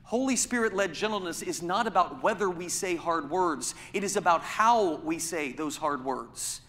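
Emphatic high-voiced preacher in a hall. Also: male voice, expressive, moderate pace, a bit bright. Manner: emphatic preaching, rhetorical questions. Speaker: pastor. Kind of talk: sermon.

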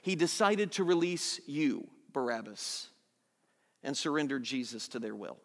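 A man pastor preaching a sermon, swinging from soft, low lines to loud, urgent ones. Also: expressive, unhurried, in a large hall.

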